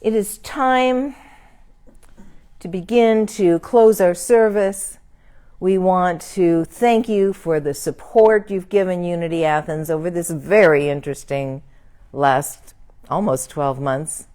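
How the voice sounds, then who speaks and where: A woman minister leading a prayer and closing a church service in a gentle, prayerful way. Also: lowish voice, slow pace.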